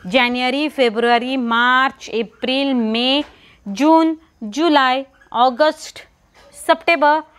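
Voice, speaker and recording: A woman teaching a children's lesson, repeating words slowly and asking and answering her own questions. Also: sits high, clean tone. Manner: repetitive, asks and answers her own questions, stresses pronunciation. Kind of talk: online English lesson for young children.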